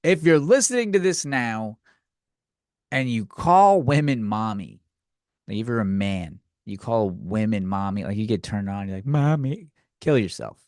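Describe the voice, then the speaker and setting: A man's voice: lowish voice, expressive, moderate pace, darkish tone, no echo, clean studio sound. A young man hosting a comedy podcast, ranting sarcastically and profanely on his own. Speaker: podcast host. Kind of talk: solo comedy rant.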